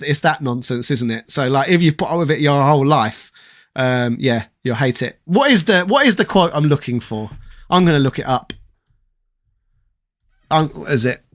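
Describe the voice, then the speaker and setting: A man with a London accent chats to his live-stream audience, reading comments aloud and riffing on them. His voice sits notably high for a man. His delivery is loose and rambling, full of quick asides. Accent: London English. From London, England. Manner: rambling, chatty, reads chat aloud and riffs with quick jokes. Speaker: streamer chatting with live chat. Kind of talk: casual live-stream chat.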